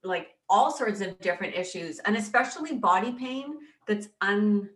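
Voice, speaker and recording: A woman guest in an interview, speaking haltingly and choked up, with many restarts. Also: medium pitch, animated, a bit bright, reverberant. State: choked up with emotion. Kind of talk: emotional personal interview.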